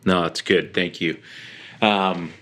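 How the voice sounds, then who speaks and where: A man's voice: deep voice, steady tone, takes it slowly, fairly bright tone. A man hosting a podcast interview, asking long, rambling questions full of fillers. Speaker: podcast host. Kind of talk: casual interview.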